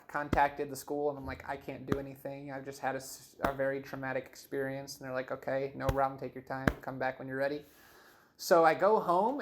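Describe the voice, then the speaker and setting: A young man telling his life story in an interview, in a casual, animated way, full of "like" and "you know what I mean", and acting out the dialogue he quotes. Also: fairly high pitch, noisy background. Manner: acts out quoted dialogue in shifting voices.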